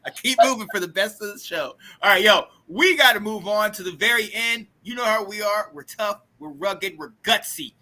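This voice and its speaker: Brief: male podcast host, high and very bright voice, hyped slangy talker. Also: normal speed, hardly any pauses. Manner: hyped, slangy, shouts catchphrases. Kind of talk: casual sports podcast chat.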